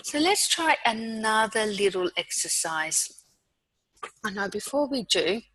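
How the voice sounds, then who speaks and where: Calm Australian woman guiding mindfulness. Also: medium pitch, no echo, rough recording. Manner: calm, slow guiding with soft pauses. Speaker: mindfulness speaker. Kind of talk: guided mindfulness talk.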